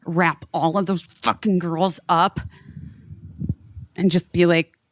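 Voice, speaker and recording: Low-voiced rambling woman podcast host. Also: flat delivery, takes it slowly, no echo, clean studio sound. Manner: rambling, swears freely, many fillers. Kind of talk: casual chat.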